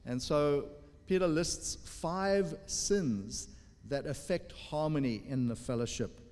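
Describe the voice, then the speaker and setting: A man's voice: fairly high pitch, a little mellow. Man preaching a sermon in a reverberant hall. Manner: explanatory, pauses with fillers. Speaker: pastor.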